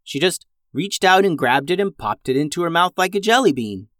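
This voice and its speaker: A man voicing a young girl in a storybook reading, matter-of-fact and raised in pitch. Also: lively intonation, a little fast, fairly bright tone, dry recording, clean studio sound. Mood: defensive. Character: sensible young girl, big sister.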